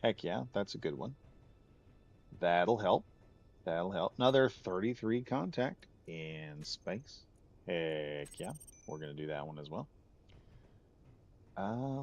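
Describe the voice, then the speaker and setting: Male game streamer, deep and gravelly, loose chatty commentary, slightly muffled home mic. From United States. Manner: rambling, chatty, laughs easily. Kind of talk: casual gameplay commentary.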